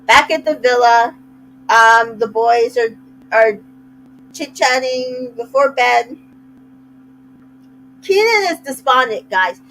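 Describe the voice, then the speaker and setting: A woman's voice: sits high, slow pace, long pauses, fairly bright tone, rough recording. A woman casually recapping a reality show, chatty and retelling scenes with little quoted asides. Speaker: recap host.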